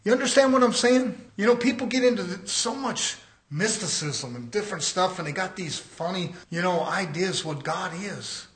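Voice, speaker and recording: A man preaching a fiery sermon, rising to shouts and dropping low. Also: animated, normal speed.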